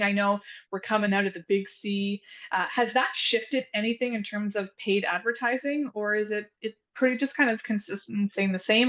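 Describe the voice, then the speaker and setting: A woman hosting a podcast interview, upbeat and chatty, quick to laugh as she asks questions. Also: medium pitch, a bit bright, dull audio. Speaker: podcast host. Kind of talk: casual interview chat.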